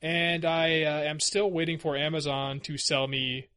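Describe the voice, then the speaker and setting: Podcast host, male, bright forward tone, wry and chatty. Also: fairly high pitch, fairly even intonation, a little slow, clean tone. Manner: chatty, wry, laughs easily. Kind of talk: casual chat.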